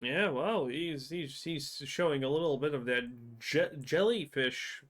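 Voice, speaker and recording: A man reacting to a video on stream, mocking and profane, his voice jumping up when excited. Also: a little high, a little slow. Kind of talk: casual reaction commentary.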